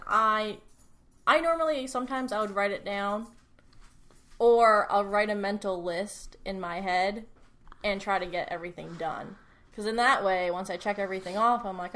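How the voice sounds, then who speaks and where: A woman with a bright voice, co-hosting a podcast as a fitness trainer. She chats casually and stays laid-back and easygoing. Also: medium pitch, moderate pace.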